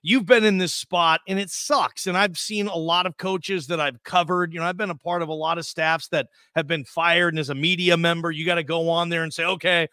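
Bright, high-voiced teasing male host. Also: steady tone, moderate pace, few pauses, no room sound, clean studio sound. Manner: teasing, emphatic, swings between loud and quiet. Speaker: podcast host. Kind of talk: casual sports chat.

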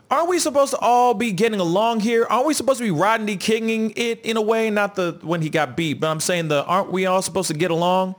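Husky guy ranting on a chat show, voice bouncing high and low, kinda high pitched. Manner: animated, swings loud and soft, repeats himself. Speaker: co-host. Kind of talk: casual commentary chat.

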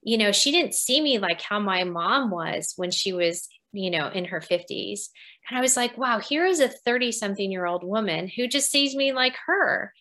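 A woman in her fifties, a podcast guest telling her story in a lively interview, laughing often and acting out quoted dialogue. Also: mid-range voice, normal speed. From United States. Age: 50s.

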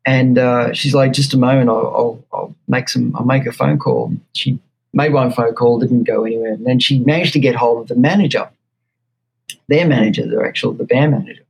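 A man with an Australian accent, a guitar maker being interviewed, telling an animated story and acting out the quotes. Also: medium pitch, a little fast, gravelly, breathy edge, rough recording. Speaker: guest luthier.

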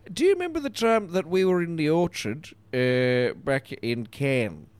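A man's voice: fairly high pitch, animated, clean tone, no room sound, lightly acted. A man voicing a rambling old school friend from the countryside who hesitates and loses his thread, in an improvised phone-call comedy bit. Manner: hesitant, rambling, full of pauses.

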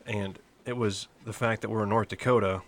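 A man's voice: fairly low pitch, fairly even intonation, fairly quick, a bit bright. A man talking casually on a podcast, rambling and cursing, often restarting his sentences. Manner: rambling, profane, restarts mid-thought. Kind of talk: casual chat.

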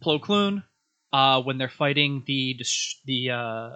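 A young man chatting as a podcast guest, telling stories in an animated way and acting out characters' lines. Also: medium pitch, slow, clean tone. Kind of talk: casual podcast chat.

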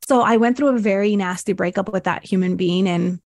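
A woman's voice: mid-range voice, quick pace, a little mellow. A woman, a podcast guest and breathwork mentor, telling her life story in a casual interview and acting out her past thoughts as quotes.

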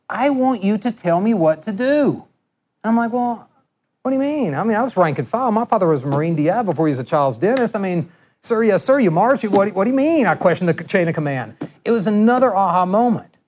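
A middle-aged man giving a lecture, telling animated workplace anecdotes and acting out the voices of people he quotes. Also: on the high side. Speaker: guest lecturer. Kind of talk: storytelling lecture.

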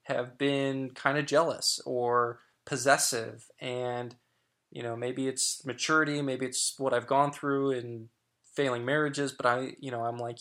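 Middle-aged male guest, frank, rambling storyteller, mid pitch. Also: level tone, a little slow, fairly bright tone. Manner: frank, chatty, many fillers and restarts. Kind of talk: candid personal storytelling.

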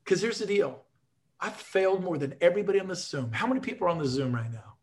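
A man's voice: sits high, fast talker. A man speaking to agents on a video call, telling his sales stories with punchy, emphatic energy and jokes. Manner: energetic, emphatic, jokey storyteller. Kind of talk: motivational talk on a video call.

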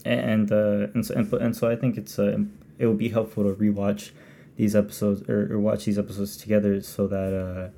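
A man with a low, gravelly voice talks in a casual podcast chat. His tone is dark and mellow, and he keeps stopping and restarting mid-sentence as he feels his way toward an idea. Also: flat delivery. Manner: halting, full of restarts and fillers. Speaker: podcast co-host.

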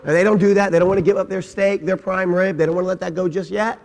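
A male pastor preaching a lively sermon, retelling the story with acted-out voices and a habit of saying "man". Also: high-pitched, fast, creaky, long reverb tail. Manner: storytelling, acting out voices, says "man" often. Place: church sanctuary.

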